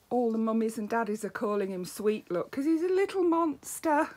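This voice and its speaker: A woman reads a picture book aloud to a child and coaxes them to look at the pictures. Her voice is lively and somewhat high, with a husky, breathy edge. She speaks slowly and sometimes drops to a soft whisper. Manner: gentle, coaxing, with soft whispered asides. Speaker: storyteller reading to a child.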